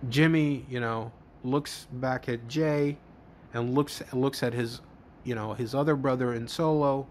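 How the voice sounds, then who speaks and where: Man host, slow casual play-by-play, halting with lots of restarts, faint noise behind. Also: mid-range voice, fairly even intonation, darkish tone. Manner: halting, repeats words, many restarts. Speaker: host, fantasy booker.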